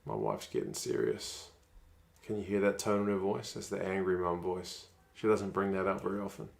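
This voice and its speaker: A man's voice: deep voice, normal speed, creaky, a little mellow. A man, chatting casually on a live stream while watching rugby and reading out viewer comments.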